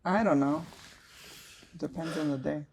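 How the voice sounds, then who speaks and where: A woman co-hosting a casual podcast chat with her husband, giving dry, hesitant, low-key answers. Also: a little slow, vocal fry, a little mellow, breathy edge. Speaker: podcast co-host.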